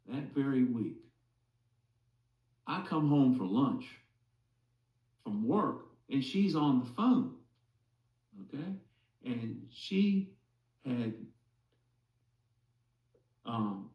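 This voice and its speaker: Slow man telling a story. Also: fairly high pitch, creaky, echoey room, distant mic, dull audio. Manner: slow, deliberate, many "okay?" asides. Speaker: speaker telling a conversion story to a group.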